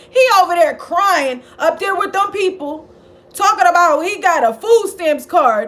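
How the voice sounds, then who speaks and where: A woman's voice: extremely high pitch, normal speed. A woman hosting a casual gossip commentary vlog, sassy and blunt, swearing freely and scolding the people she talks about. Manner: animated, jumps between mocking outbursts and quiet asides. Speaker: commentary channel host.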